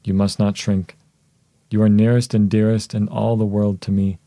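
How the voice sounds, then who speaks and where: A man voicing a devoted young wife in an audiobook, soft and measured, with a very mellow, low voice. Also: level tone, no room sound, natural voice. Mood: solemn tender.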